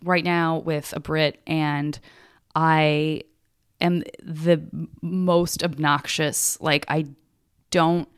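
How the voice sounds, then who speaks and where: A woman's voice: deep voice, flat delivery, very slow, smooth. A woman hosting a podcast, chatting playfully and casually with lots of fillers. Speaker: podcast host. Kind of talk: casual interview chat.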